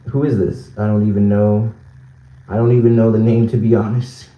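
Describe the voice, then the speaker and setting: A man's voice: fairly low pitch, level tone, normal speed, roomy sound, recorded from a distance, lo-fi sound. Joking young man streaming live. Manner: banters with chat, reads comments aloud, laughs often. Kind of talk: casual live stream chat. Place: indoors at home, small room.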